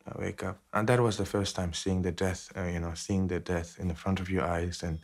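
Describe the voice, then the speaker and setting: A man in his thirties from India, speaking reflectively in a documentary interview, pausing often with fillers. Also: low-pitched, fairly even intonation. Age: 30s. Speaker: interviewee, Tibetan Buddhist teacher.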